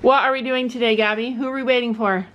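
A woman's voice: a little high, steady tone, fast talker, highs cut off. A woman hosting a casual vlog on a cold horse farm, chatting to the camera, laughing often and cooing at her animals. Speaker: vlog host.

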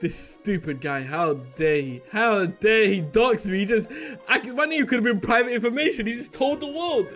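A young man doing playful gaming commentary, excitable and jokey, swinging between mumbled asides and shrieks. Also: high-pitched, normal speed. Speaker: Minecraft YouTuber. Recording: faint background music.

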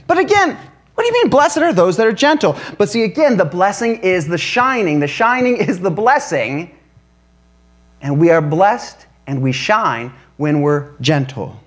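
Animated, high-voiced preacher man. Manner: animated, engages congregation with questions and calls for amen; laughs while telling stories. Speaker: pastor. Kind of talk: sermon. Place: church service before a congregation.

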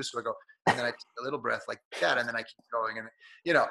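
A man being interviewed as a speaking coach, talking in an energetic, coaching way. His voice is a little nasal from being sick. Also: mid-range voice, fast talker, vocal fry. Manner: energetic, coaching delivery that acts out quotes. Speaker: guest, speaking coach and author. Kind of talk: conversational interview.

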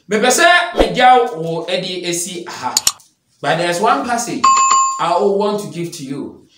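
A man with a Ghanaian accent delivers an emphatic, declamatory sermon. His voice sits high and swings widely in pitch, and it rings through an echoey room. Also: a bit bright, slight background noise. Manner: switches between Twi and English, emphatic and declamatory. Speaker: preacher. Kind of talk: preaching response sermon.

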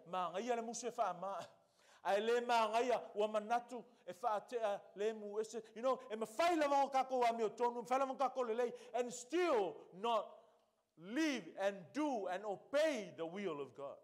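Man, Samoan accent, pastor, church sermon, high voice, emphatic rhetorical questions.

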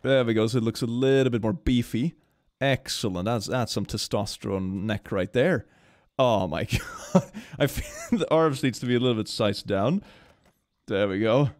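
A man commenting casually while playing a game, often laughing and breaking into high-pitched squeals. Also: moderate pace, darkish tone, dry recording, studio quality. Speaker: gaming streamer. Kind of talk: casual let's-play commentary.

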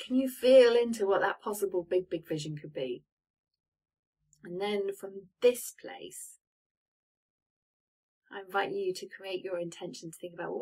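A woman coaching viewers on a live stream, speaking in a soft, guiding way and inviting them to reflect. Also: mid-range voice, slightly rough, low-quality recording. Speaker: manifestation coach.

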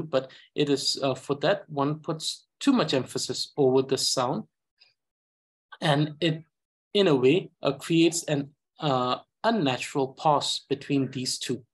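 A man with a Tibetan accent teaching a language reading lesson, talking slowly and carefully with frequent hesitations. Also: on the high side, breathy edge. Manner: slow, careful, hesitant with many uhs. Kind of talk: slow reading lesson with explanation.

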